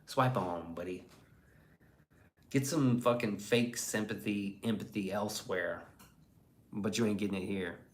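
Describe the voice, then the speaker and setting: A man's voice: fairly low pitch, a little slow, long pauses. A man hosting a casual livestream and reading the chat aloud, in a blunt, profane and rambling way.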